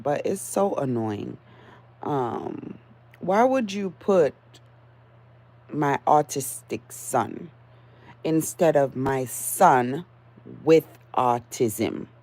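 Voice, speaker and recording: Low, slow woman with a groggy morning voice. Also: dark tone. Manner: halting, with many fillers and restarts, then firm and insistent. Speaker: vlogger. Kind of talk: casual solo vlog talk.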